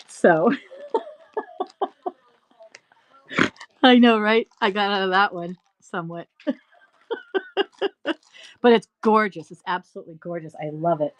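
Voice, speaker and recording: A middle-aged woman chats her way through a live sale stream, wandering off into long stories. She is animated and laughs often, and her voice sits at a medium pitch. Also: slow pace, pauses often. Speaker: live-stream reseller host. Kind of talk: chatty live-selling stream.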